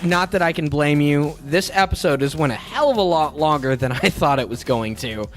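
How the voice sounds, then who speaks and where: A man's voice: a little high, expressive, normal speed, faint music behind. A man co-hosting a movie podcast, ranting and joking in casual chat. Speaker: podcast co-host.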